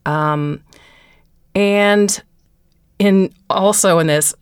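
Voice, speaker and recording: A woman hosting a podcast, asking interview questions in a measured way, with thinking pauses. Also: mid-range voice, clear, resonant tone, no room sound, studio quality. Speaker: podcast host.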